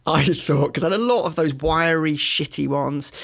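A man's voice: a little high, moderate pace, fairly bright tone. A man who is a comedian guest on a podcast, self-deprecating and rambling in casual chat.

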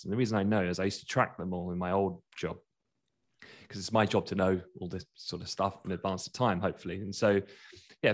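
Low-voiced man chatting about markets. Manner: chatty, laughs while talking, quick asides. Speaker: market commentator. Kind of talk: casual market chat.

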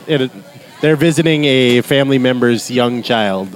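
A man's voice: mid-range voice, a little slow, low-quality recording. A married man co-hosting a casual podcast in a bar, easygoing and wry. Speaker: podcast co-host.

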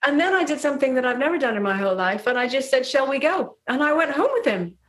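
Here a middle-aged woman from Trinidad talks fast in a high voice as a guest on a podcast. She recounts something that happened to her with real liveliness, frequent laughter, and acted-out dialogue, telling the story the way you would in casual chat.

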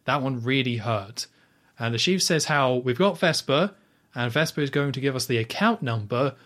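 A man's voice: mid-range voice, a bit bright. Chatty man recapping a film scene. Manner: chatty retelling with frequent fillers and quoted lines. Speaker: podcast host recapping a film. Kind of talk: casual chat.

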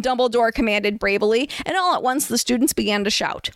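A woman reading a satirical story aloud as narrator, in a mock-earnest, deadpan manner. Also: a little high, normal speed, hardly any pauses, clean tone, no echo.

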